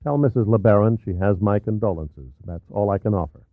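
A man's voice: fairly low pitch, fairly quick, no echo. A man reading the part of a sardonic male adventurer in an audiobook, curt and sarcastic. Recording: tinny phone-like, dry.

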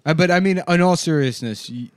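A man's voice: a little high, a little fast. A man chatting casually on a comedy podcast, telling stories and acting out bits of dialogue. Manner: storytelling, acts out voices in quotes.

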